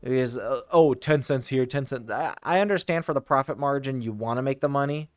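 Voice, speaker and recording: A man telling casual stories from his old job, rambling with frequent restarts and tangents and laughing quickly now and then. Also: medium pitch, no echo, studio quality. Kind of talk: casual storytelling.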